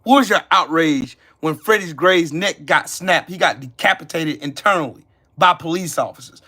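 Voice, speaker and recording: Male channel host, heated accusatory rant, repetitive and profane, tense bright edge. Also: fairly high pitch, moderate pace. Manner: heated, cursing, accusatory, repeating lines. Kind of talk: angry profane rant to camera.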